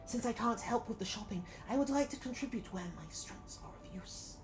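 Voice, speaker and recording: A woman reading aloud as a gentle, earnest female sculptor, formal and in a put-on British accent. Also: a little high, normal speed, over music, pitched above the performer's own voice, close to an everyday voice, rough recording. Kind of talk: reading game dialogue aloud.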